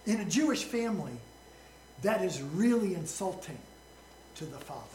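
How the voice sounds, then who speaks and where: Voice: mid-range voice, animated, normal speed, reverberant, background noise. A pastor preaching a sermon in a folksy, joking way, asking the congregation questions along the way.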